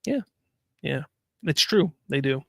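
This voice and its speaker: A man hosts a live-stream talk show, ranting animatedly through casual commentary, reading viewer chat aloud, and repeating himself. His voice is fairly high and creaky, the pace slow, and the studio recording clean with no room sound.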